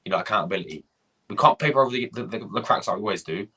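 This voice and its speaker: A man's voice: fairly low pitch, lively intonation, racing, bright, forceful tone, husky. A young man hosting a fan live stream, ranting, swearing and repeating himself while greeting viewers from the chat. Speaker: fan channel host.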